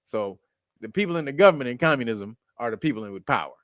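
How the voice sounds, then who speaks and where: Laughing, profane man riffing loudly. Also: mid-range voice, lively intonation, fast, no room sound, clean studio sound. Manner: profane, laughs often, loud bursts of mockery; rambling with self-corrections. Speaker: show host. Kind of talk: casual commentary.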